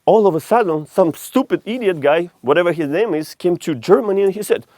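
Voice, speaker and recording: A man with a Russian accent rants to camera in a blunt, heated, profane vlog monologue. His voice sits a little high for a man. The sound is dry and close, with almost no room around it. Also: lively intonation, fairly quick, hardly any pauses, darkish tone, dry recording. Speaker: vlogger.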